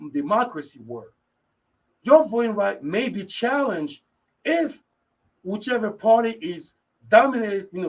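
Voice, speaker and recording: A man hosting a live radio talk show, energetic and repetitive, speaking straight to his listeners. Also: sits high, slightly rough. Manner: energetic, repeats phrases, talks straight to listeners. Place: radio studio.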